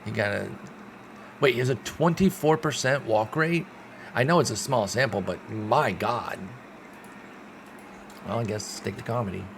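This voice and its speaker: A young man commentating his own baseball sim game like a play-by-play announcer, swinging between sulky frustration and loud excited outbursts, with some swearing. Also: medium pitch, moderate pace, long pauses, a little hiss or hum. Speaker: gaming streamer.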